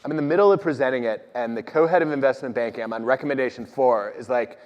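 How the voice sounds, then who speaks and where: A man, an organizational psychologist, telling stories on stage in an animated, self-deprecating way. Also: medium pitch, quick pace. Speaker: organizational psychologist guest speaker. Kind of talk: conversational talk on stage. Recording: dull audio with long hall reverb.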